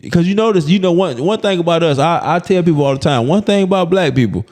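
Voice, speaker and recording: Animated Alabama comedian telling stories. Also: male voice, a little high, quick pace. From Birmingham, Alabama. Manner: animated storyteller who acts out other people's voices. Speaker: comedian guest. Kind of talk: casual interview chat.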